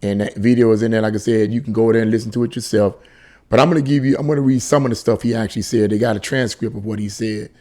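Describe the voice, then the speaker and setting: A man's voice: on the low side, steady tone, fast, mellow. Indignant man reading and commenting. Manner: indignant, exclaims and laughs in disbelief. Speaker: commentary channel host. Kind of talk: reading an article aloud with commentary.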